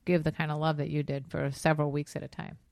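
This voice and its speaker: A woman's voice: sits low, flat delivery, creaky, darkish tone, no room sound, studio quality. An older woman co-hosting a comedy podcast with her son, chatty and blunt. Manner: blunt, chatty, quick to laugh. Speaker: podcast co-host. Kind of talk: casual chat.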